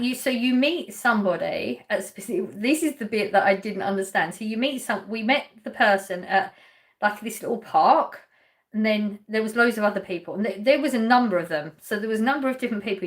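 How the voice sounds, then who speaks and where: A woman hosting a casual livestream, reading viewer comments aloud, laughing often and trailing off mid-sentence. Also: mid-range voice. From Essex, England. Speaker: livestream host.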